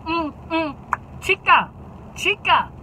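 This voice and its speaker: A woman's voice: very high voice, sing-song, drawn-out words, noisy background, voice pushed up, full character voice. A woman voicing a bossy bus driver who scolds in broken English and repeats herself. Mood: scolding.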